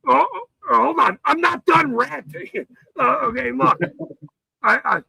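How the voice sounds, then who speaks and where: Man, profane shouting rant, bright sharp tone, gravelly, dry close sound. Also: very high voice, a little slow, no echo, low-quality recording. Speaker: livestream host. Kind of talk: ranting livestream talk.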